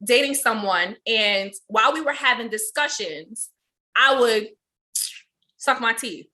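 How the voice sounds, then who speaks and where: An animated woman in her thirties hosts a casual podcast chat. Her voice is bright and lively, with a pitch that swoops freely. She keeps breaking into laughter as she tells stories. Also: a little slow. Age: 30s. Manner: animated, expressive storyteller; laughs often while talking. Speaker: podcast host. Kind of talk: casual conversation.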